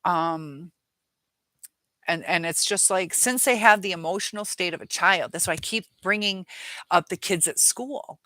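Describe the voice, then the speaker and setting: A woman who is a teacher and relationship-advice creator talks casually on a livestream, rambling with lots of fillers and reading viewer questions. Her voice sits on the low side, unhurried and bright with a forceful tone and no echo, and she acts out quoted lines in a livelier voice.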